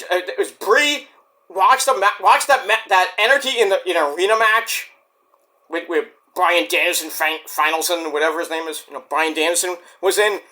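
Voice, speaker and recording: A man's voice: sits high, sharp tone. A man hosting a podcast, rambling casually about wrestling, swearing and acting out little scenes as he goes. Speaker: podcast host.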